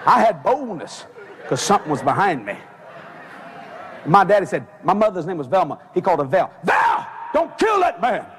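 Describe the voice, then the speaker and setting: A man preaching a sermon, telling a story with lots of energy and shouting out the voices he quotes. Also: high-pitched, a little fast, pauses often, a faint crowd, slight background noise. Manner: animated, shouting quoted voices, laughing along.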